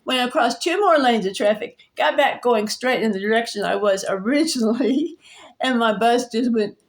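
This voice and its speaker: Woman vlogger, slightly high voice, halting storyteller with restarts and light laughs. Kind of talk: personal storytelling.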